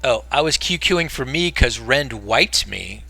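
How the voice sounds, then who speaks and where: A man's voice: medium pitch, lively intonation, measured pace, gravelly. A man with an American accent chatting casually while streaming a game, rambling and then breaking into exasperated outbursts. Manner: rambling, swings between mumbling and loud exasperated outbursts.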